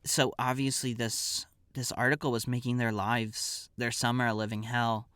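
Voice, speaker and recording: A man spins a comedic personal tale for his podcast, wandering off on asides in a wry, offhand way. His voice is smooth and clear, at an ordinary middle pitch. The sound is close and dry, with no room around it. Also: flat delivery, moderate pace, a bit bright, dry recording. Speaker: podcast host and storyteller. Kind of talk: casual comedic storytelling.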